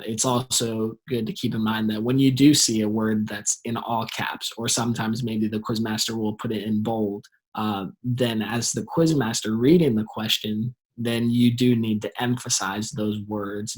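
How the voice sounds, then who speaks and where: A man with a low, husky voice speaks as a guest in a casual chat. His delivery is flat and hesitant, with many pauses and fillers. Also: rough recording. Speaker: guest and former quizzer.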